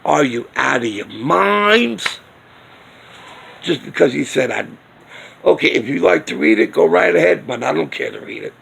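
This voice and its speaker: Gravelly guy ranting on his vlog, slow and husky, all worked up. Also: on the high side, expressive, a bit bright. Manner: indignant, ranting with rhetorical questions. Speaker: video blogger. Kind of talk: casual opinion vlog. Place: outdoors near a smoking area.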